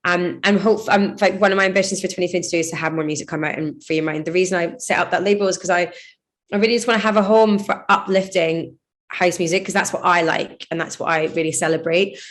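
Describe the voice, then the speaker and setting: A woman's voice: fairly low pitch, fairly even intonation, fast. Chatty dj woman in her 30s, rambly, lots of likes, laughs a lot. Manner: chatty, rambling, laughs often, many "like" fillers. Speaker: DJ and producer, interview guest. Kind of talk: casual interview chat.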